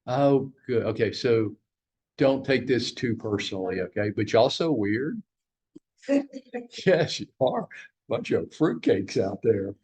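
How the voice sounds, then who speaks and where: A man's voice: medium pitch, big pitch swings, slow, a little mellow, husky. A man leading a team training huddle, joking and teasing as he fires questions at the room. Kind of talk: live training talk to a room.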